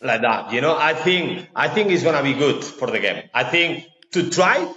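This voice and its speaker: Male podcast co-host, calm contrarian, mid pitch, recorded in a reverberant room with a dull sound. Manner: calm, halting, restarts phrases; teasing, plays devil's advocate. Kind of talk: football podcast chat. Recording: roomy echo, dull sound.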